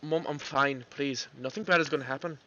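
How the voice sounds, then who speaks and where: A man voicing an anxious, fussing mother in a botched Scottish accent, firing off rapid questions. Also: fairly high pitch, steady tone, pushed and bright. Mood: pleading. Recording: dull lo-fi.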